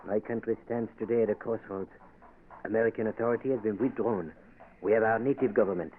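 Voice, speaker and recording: A man's voice: fairly low pitch, quick pace, close to an everyday voice. An actor playing a cynical, French-educated male doctor, suave and ironic, in a 1940s radio drama. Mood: persuasive. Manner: suave, ironic, keeps saying monsieur. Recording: tinny old radio broadcast with faint hiss.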